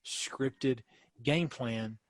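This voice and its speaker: A man's voice: medium pitch, extremely slow, no echo. A man, a dentist guest telling stories in a casual podcast chat. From Kentucky. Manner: storytelling, animated, restarts often.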